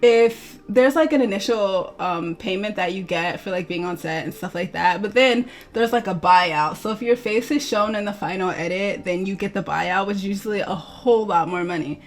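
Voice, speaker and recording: A young woman model telling a storytime vlog in a chatty, animated way, full of "like" fillers and acted-out quotes. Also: mid-range voice, normal speed, few pauses.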